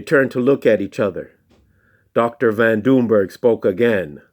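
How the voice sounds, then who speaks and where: A man telling a playful story in a slow, hushed, deliberate way, with call-and-response chants. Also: on the low side. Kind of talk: spoken children's storytelling.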